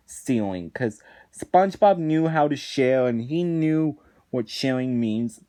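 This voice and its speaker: Slow, exasperated male reviewer ranting. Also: medium pitch, expressive, dark tone. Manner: indignant, exasperated, restarts phrases often. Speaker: reviewer of cartoon episodes. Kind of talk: ranting commentary.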